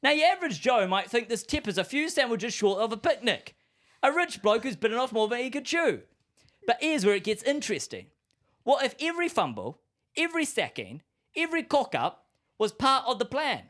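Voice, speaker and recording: A man's voice: very high-pitched, big pitch swings, brisk, a bit bright, full character voice. A man on a podcast doing a shaky put-on British accent as a rambling conspiracy-theorist bloke, full of slang. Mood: yarn-spinning. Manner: spinning a yarn, full of slang and wild comparisons. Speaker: podcast co-host. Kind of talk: comedic scripted rant.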